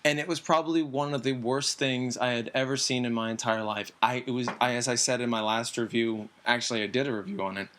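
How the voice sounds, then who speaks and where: A man hosting a casual podcast, rambling and excitable, acting out the scenes he retells. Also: fast, few pauses, slight background noise. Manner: excitable, acts out scenes with sudden jumps in pitch; rambling, many fillers. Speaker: podcast host. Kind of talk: casual TV recap chat.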